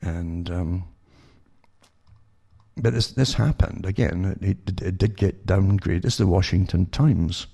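Deep gravelly man commentating. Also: unhurried, mellow. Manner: talks in loose bursts with many restarts and rhetorical questions. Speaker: online commentator reading news articles. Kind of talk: rambling spoken commentary to listeners.

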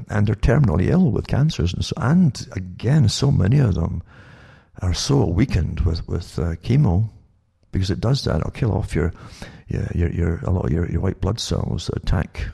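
A man's voice: sits low, gravelly, mellow, slightly rough. A man hosting a monologue talk show, rambling with many repeated words and stumbling restarts. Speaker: show host.

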